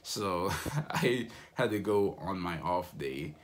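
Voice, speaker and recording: A young man vlogging, casually telling stories with a relaxed, rambling manner full of fillers. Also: low voice, slow pace. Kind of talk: casual storytelling vlog.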